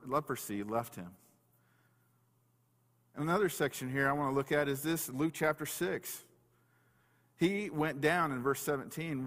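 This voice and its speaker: An earnest male pastor delivers a sermon, reading scripture and stressing his points by repeating key words. His voice sits a little high. The room rings with a long reverb. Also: fairly bright tone.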